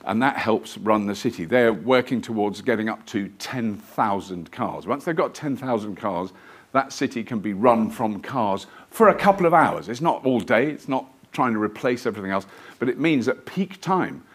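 A man's voice: lowish voice, lively intonation, normal speed. A man giving a live lecture to an audience in a museum lecture theatre, telling stories in a chatty, rambling, self-deprecating way. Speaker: guest lecturer.

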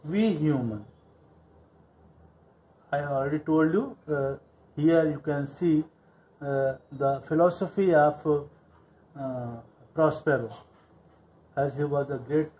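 A man's voice: on the high side, darkish tone, poor audio. A male teacher explaining a play line by line. He reads each line, then paraphrases it, repeating phrases with many fillers.

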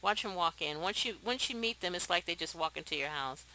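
A young woman hosting a let's play, chatting to viewers in a chatty, excitable way and laughing often. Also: fairly low pitch, brisk, a little hiss or hum, poor audio. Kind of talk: casual gameplay commentary.

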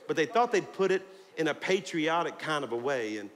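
A middle-aged man, preaching a sermon in a fired-up way, rising to shouts. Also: fairly high pitch, animated, brisk. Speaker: pastor. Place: large church auditorium. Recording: hall reverb with faint crowd and noise. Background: congregation.

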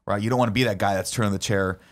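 A man telling a story in a casual podcast chat, emphatic and profane, in quick bursts. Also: lowish voice, steady tone. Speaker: podcast co-host.

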